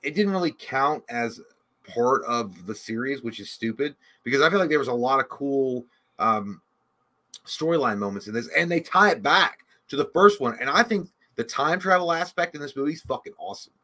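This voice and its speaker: Bright-voiced rambling man. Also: medium pitch, expressive, normal speed. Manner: rambling, profane, stumbles over words. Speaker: podcast co-host. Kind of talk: crude casual livestream banter.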